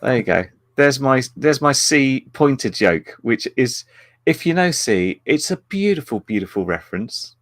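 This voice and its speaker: A man co-hosting a casual podcast chat, jokey and animated when explaining. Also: mid-range voice, normal speed, dry recording. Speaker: podcast co-host.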